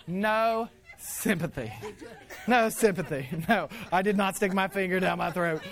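A man preaching to a congregation, telling playful stories about his family with laughter and lively acting-out. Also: high-pitched, unhurried, background noise. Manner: animated, playful storytelling with laughter. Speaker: pastor. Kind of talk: sermon with personal stories.

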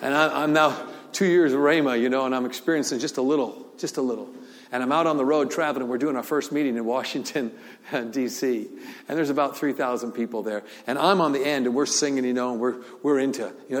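In a large church hall with long reverb, an older man delivers a sermon at a fast pace in a mid-range voice. His storytelling is punctuated by frequent laughter and repetition.

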